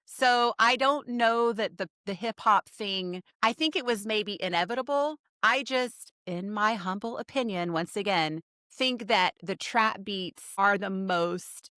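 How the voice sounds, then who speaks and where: A woman's voice: medium pitch, pushed and bright, no room sound, studio quality. A woman from Texas, a pop musician guest on a podcast, chatting casually and thinking aloud with many likes and restarts. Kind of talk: casual conversation.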